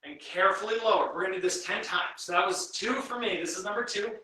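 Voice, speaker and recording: Male strength coach leading a live home workout. High, bright voice that counts reps and coaches form, recorded in a very echoey room from a distance. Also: quick pace. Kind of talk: live guided workout instruction. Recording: very echoey room, voice from away from the mic.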